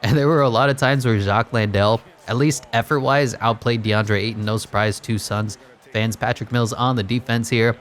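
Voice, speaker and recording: A man's voice: mid-range voice, fairly even intonation, moderate pace. Man doing sarcastic game commentary. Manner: dry, joking, mock-announcer delivery. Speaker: gaming YouTuber.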